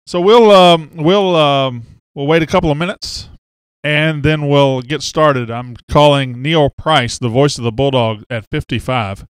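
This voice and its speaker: A man's voice: fairly high pitch, measured pace, smooth, no echo, studio quality. A man hosting a casual sports live stream, chatting and reading out viewer comments. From Mississippi. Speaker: sports podcast host. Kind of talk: casual livestream chat. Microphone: webcam setup on a live stream.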